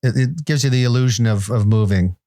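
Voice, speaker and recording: Man, podcast co-host, deadpan, dry comic delivery, middle-range voice. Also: mid-range voice, fairly quick. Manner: deadpan, plays absurd claims straight. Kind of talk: comedic casual chat.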